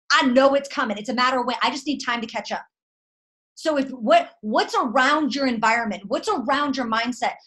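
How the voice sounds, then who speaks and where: A woman's voice: high-pitched, bright, forceful tone. A woman giving a fired-up motivational pep talk to her sales team. She speaks emphatically, uses slang and fires off punchy rhetorical questions. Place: at home at night.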